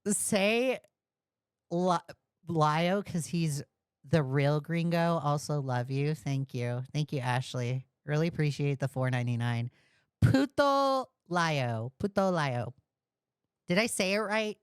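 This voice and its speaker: A woman's voice: low-pitched, a little slow, clear, resonant tone, dry recording, studio quality. A woman streamer giving blunt, mocking commentary on a call during a livestream.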